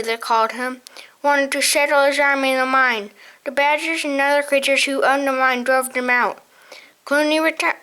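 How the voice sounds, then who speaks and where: A woman's voice: high voice, pushed and bright. A woman voicing a frail ancient male mouse who keeps records, muttering and doddering as he talks.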